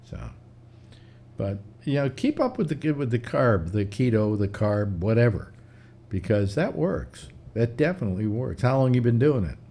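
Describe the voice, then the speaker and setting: An older man hosts a relaxed talk show, his voice rising and falling freely as he swaps stories. His delivery is chatty and animated. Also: medium pitch, moderate pace. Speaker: host. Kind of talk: casual chat.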